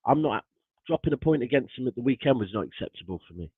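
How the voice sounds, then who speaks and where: A man's voice: mid-range voice, expressive, fast, breathy edge, dry recording. A man talking football on a livestream as a guest, exasperated and passionate, swearing a lot, heard through a tinny phone-like mic. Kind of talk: casual football chat on a livestream.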